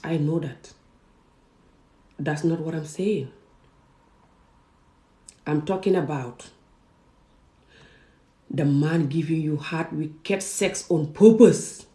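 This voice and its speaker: A woman's voice: low-pitched, takes it slowly, long pauses, mellow. A woman from Gambia and Senegal giving an emphatic personal vlog monologue, repeating words for stress. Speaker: vlogger. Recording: roomy echo.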